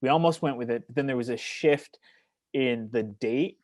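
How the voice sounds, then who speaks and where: Podcast guest: man, mid-pitched, self-mocking and playful, dry studio sound. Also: normal speed, darkish tone, dry recording. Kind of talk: casual chat.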